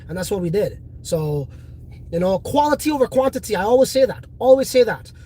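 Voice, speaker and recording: A man's voice: high-pitched, moderate pace, a little mellow. Guy streamer hyping his crypto stuff, brags a lot, swears constantly, just rambling to chat. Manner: boastful, profane, rambling. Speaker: crypto livestream host. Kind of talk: casual livestream chat, reading viewer comments.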